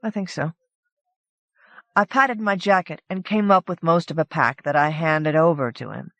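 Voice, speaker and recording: Her low voice slightly bright, a female audiobook narrator reads a short story at normal speed in a casual, conversational first-person style. There's no room sound in the scripted narration.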